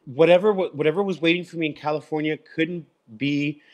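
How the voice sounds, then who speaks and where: Guy from chicago telling his story on a live interview, kinda high voice, keeps repeating himself. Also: a little fast. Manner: animated, repeats words, acts out quoted voices. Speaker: guest.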